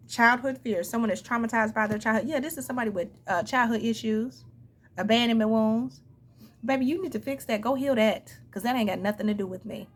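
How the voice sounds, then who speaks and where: A woman's voice: brisk, slight background noise. Emphatic woman giving a casual tarot reading. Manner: emphatic, talks back at an imagined person; animated, with sudden high-pitched outbursts. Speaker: tarot reader.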